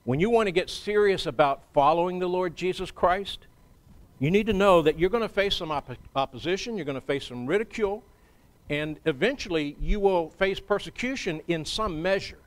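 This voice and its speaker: Preaching from the pulpit, a high-pitched male pastor talks in an unhurried, conversational way and stops often to pause.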